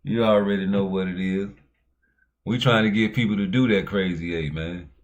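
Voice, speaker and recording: Slangy, profane talk-show host, lower voice. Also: male voice, steady tone, moderate pace, highs cut off. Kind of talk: casual chat.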